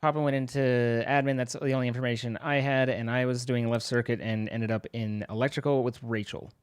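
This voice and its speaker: A man's voice: mid-range voice, steady tone, brisk, smooth, dry recording. A man hosting a casual gaming chat, teasing friends and quizzing them about where they were. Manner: teasing, questioning others closely. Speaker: streamer and host.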